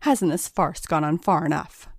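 A woman's voice: low voice, moderate pace, a little mellow, no echo, clean studio sound. A woman voicing an exasperated male prosecutor who objects in emphatic, formal phrases. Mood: indignant.

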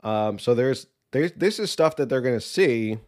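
A man's voice: mid-range voice, expressive, normal speed. Sarcastic male political podcast host. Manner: opinionated, sarcastic, exasperated. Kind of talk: casual political commentary.

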